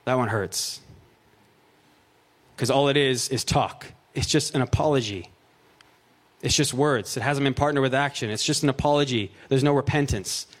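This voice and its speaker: A man's voice: medium pitch, moderate pace, long pauses. Casual, joking preacher man. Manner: casual, joking asides, fillers of "like" and "right?". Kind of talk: conversational sermon with scripture reading.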